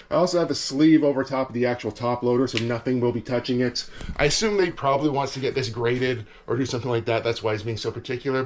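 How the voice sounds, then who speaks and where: Easygoing man chatting about resales. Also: medium pitch. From Canada. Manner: easygoing, rambling, frequent fillers. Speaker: reseller vlogger. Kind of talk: casual vlog chat. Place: cold backyard shed with heater.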